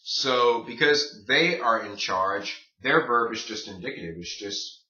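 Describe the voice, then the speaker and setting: A man's voice: medium pitch, expressive, unhurried, pushed and bright. A man teaching a Spanish grammar lesson, explaining step by step and asking his class rhetorical questions. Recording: distant, roomy, muffled.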